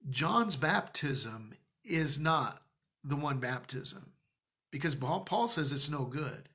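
A man's voice: on the high side, expressive, slow, bright, forceful tone. A man preaching in a church, teaching from the Bible in a conversational, emphatic way with joking asides. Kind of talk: Bible-study sermon.

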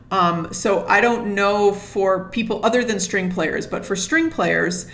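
Woman string teacher, methodical and steady, mid-pitched voice, laying out practice steps one by one. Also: a little hiss or hum. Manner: sings rhythms on nonsense syllables to illustrate. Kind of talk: instructional explanation to camera.

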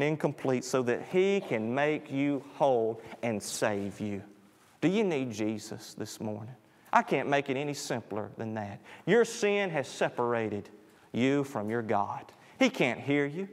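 A man preaches a sermon in a church, and the long reverb of the room trails after each phrase. His voice sits a little high for a man. He climbs in pitch and volume on his appeals, then sinks low and quiet on his closing words. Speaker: pastor.

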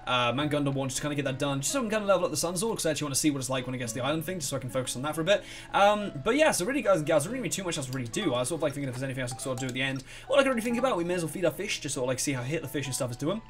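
A young man commentating a game, rambling and excitable, swearing freely. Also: a little high. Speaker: let's play host. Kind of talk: gameplay commentary.

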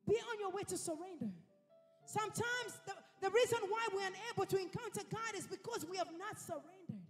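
A woman's voice: very high-pitched, fairly quick. A woman preacher delivering a sermon with emphasis, repeating her phrases for effect. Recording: reverberant hall with faint music.

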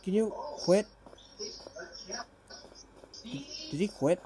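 A man's voice: high voice, animated, drawn-out words, crowd noise. Young man, game player, casual commentary, jittery, panicky outbursts.

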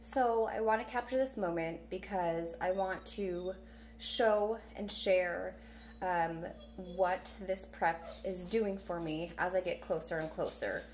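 A young woman talking in a halting, emotional way in a personal vlog, her voice close to tears. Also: on the low side, darkish tone. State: tearful. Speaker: vlogger.

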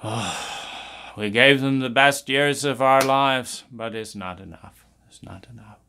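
Weary martyr parent, voiced by a man, slow, tense sighs, brushing off complaints. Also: mid-range voice, steady tone, pushed and bright, clear, resonant tone. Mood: exasperated. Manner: exasperated, mocking sighs.

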